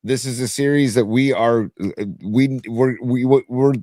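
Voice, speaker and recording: A man's voice: mid-range voice, measured pace, mellow, dry recording, studio quality. A man co-hosting a casual sports podcast, chatty and enthusiastic, peppering his talk with "dude". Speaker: podcast co-host.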